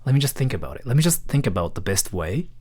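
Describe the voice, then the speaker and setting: Animated man reading stream donations. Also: mid-range voice, fast, husky. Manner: rambling, joking, playfully awkward. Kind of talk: casual live-stream chat.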